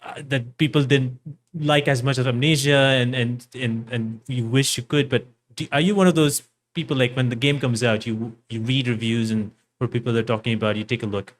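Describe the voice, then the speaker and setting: A man hosting a podcast interview, halting and often repeating words as he thinks. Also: medium pitch, fairly even intonation. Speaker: podcast host. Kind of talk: casual interview chat.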